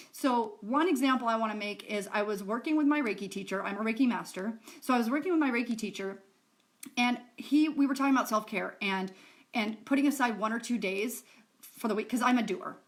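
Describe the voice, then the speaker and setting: Woman coach talking self-care, chatty and rambly, tosses in a swear here and there. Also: mid-range voice. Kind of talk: casual teaching to camera.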